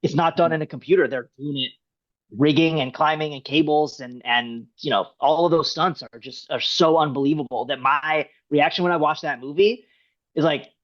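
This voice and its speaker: Man, screenwriter guest, rambling and animated, slightly high pitch, dull lo-fi recording. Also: moderate pace. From United States. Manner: rambling, restarts often, animated. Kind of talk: casual interview. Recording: dull lo-fi sound.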